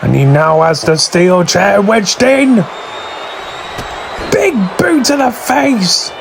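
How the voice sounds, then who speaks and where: A man giving excited play-by-play wrestling commentary, shouting through near falls, his voice going hoarse from screaming. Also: high-pitched, takes it slowly, noisy background. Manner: shouting near counts, voice straining.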